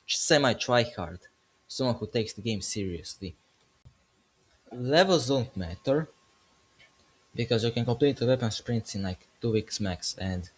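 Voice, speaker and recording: A male gaming commentator speaking at an ordinary middle pitch in a loose, casual commentary. He rambles with jokes and keeps restarting and fixing his sentences as he goes. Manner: jokey, rambling, corrects himself mid-sentence. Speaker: gaming video creator.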